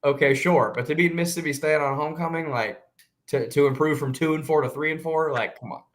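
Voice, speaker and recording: A man co-hosting a sports podcast, talking casually in an animated, emphatic way with quick restarts. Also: a little high.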